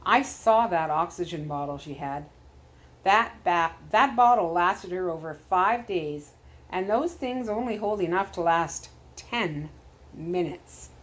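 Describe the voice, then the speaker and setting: A woman's voice: on the low side, animated, slow. A woman voicing a rescuer man who speaks earnestly and in amazement. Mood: awed.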